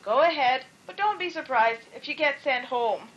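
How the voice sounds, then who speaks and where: A woman's voice: high-pitched, expressive, normal speed, a bit bright, muffled recording, slight background noise. A woman voicing an exasperated mother.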